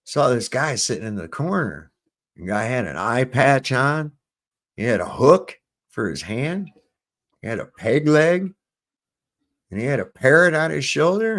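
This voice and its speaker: A man's voice: medium pitch, a bit bright. A man hosting a stream, chatting bluntly and crudely and telling a long joke with put-on voices. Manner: crude, blunt, storytelling with pirate voice. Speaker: stream host. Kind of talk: casual profane chat and joke telling.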